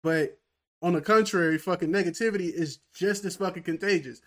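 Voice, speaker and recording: Blunt, profane co-host, rapid delivery, slightly high voice. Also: male voice. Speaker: podcast co-host. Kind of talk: casual chat.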